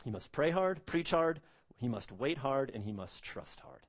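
A man's voice: mid-range voice, sing-song, moderate pace. Emphatic male preacher. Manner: emphatic, repeats phrases, asks the audience rhetorical questions. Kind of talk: expository sermon.

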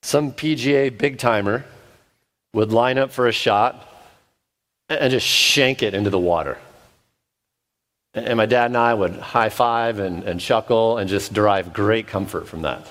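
Pastor, male, lowish voice, relaxed conversational sermon delivery with humor and stumbling restarts. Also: a little slow, pauses often. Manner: conversational with self-deprecating humor; frequent restarts and fillers. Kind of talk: expository sermon. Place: church.

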